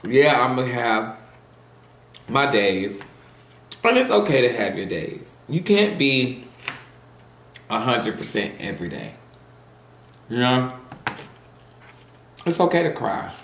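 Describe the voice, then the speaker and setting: A man's voice: mid-range voice, sing-song, takes it slowly, long pauses, fairly bright tone, roomy sound, a little hiss or hum. A man vlogging to camera in a casual, earnest and encouraging way, repeating phrases for emphasis. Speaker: mukbang vlogger. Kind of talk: heartfelt casual monologue.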